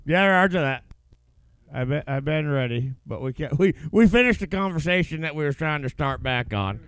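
A man chatting on a podcast in a rambling, profane and emotional way. His voice sits a little high and sounds smooth and clear. The sound is dry and close. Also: expressive, moderate pace, no room sound. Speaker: podcast co-host. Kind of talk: casual chat. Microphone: headset.

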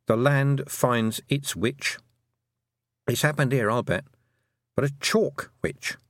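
A man voicing a brisk, sharp-tongued woman who is a witch and a teacher, in an audiobook. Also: mid-range voice, dry recording, studio quality, voice pushed up. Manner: brisk, emphatic, lecturing. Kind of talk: audiobook character voice.

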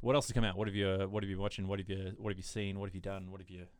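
A man's voice: low-pitched, little pitch movement, racing, loud music behind the voice. A man co-hosting a podcast in casual chat, rambling with lots of restarts and fillers. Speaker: podcast co-host.

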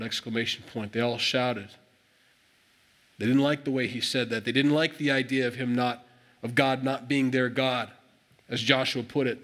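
A man's voice: medium pitch, normal speed, a bit bright. A man preaching a sermon, reading scripture aloud and explaining it in a conversational way, acting out the dialogue with emphatic rises. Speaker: pastor.

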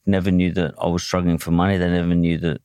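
Australian man, very low voice, blunt, emotional, swears a lot, dry recording. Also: level tone, quick pace, darkish tone, clear, resonant tone, no room sound. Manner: blunt, swears often, emotional, restarts sentences. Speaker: podcast guest, boxer. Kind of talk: candid conversational storytelling.

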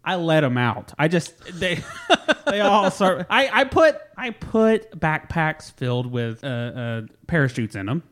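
A man's voice: on the high side, unhurried. A man on a casual comedy podcast spins outrageous stories with a straight face. He keeps breaking into laughter between lines, a loose chatty tone. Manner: deadpan absurd storytelling, laughs often. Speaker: podcast co-host.

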